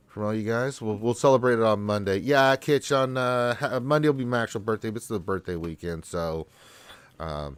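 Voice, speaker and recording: A lowish, slightly bright voice rings clear and resonant with no echo as a man hosts a live Q&A stream. Congested from allergies, he rambles in a laid-back way to the viewers in his chat.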